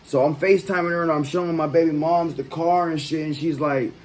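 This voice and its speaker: A man's voice: on the high side, fairly even intonation, brisk, darkish tone, a little hiss or hum, low-quality recording. A man hosting his own channel, telling a personal story in a loose, profane, conversational way. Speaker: vlog host. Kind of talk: casual storytelling.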